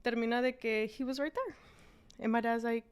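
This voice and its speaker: A woman's voice: on the high side, a little fast, smooth. A woman, a business owner telling her story as an interview guest and switching between English and Spanish.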